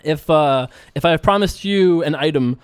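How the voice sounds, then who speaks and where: Young guy chatting through his poker hands, smooth clear voice, bit on the high side, dry close mic. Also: moderate pace, no room sound. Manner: chatty, thinks out loud, playful asides. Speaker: poker streamer and show host. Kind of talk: casual commentary while playing online poker.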